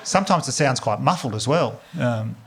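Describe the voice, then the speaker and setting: A man with an Australian accent performing a stand-up set, telling crude stories in a dry, deadpan way. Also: medium pitch, normal speed. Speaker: stand-up comedian. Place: comedy club stage before a live audience. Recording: loud audience laughter and noise.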